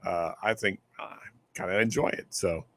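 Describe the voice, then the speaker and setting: A man's voice: deep voice, moderate pace, gravelly, a bit bright. A man hosting a casual whiskey live stream, easygoing, often repeating words as he starts a sentence. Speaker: whiskey show host. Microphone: close desk microphone.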